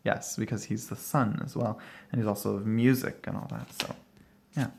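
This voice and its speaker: At home, with a dog barking nearby, a man casually walks through a tarot deck, rambling and thinking aloud with plenty of fillers and short laughs. His lowish voice is gravelly and a little mellow, with fairly even intonation at normal speed, over slight background noise.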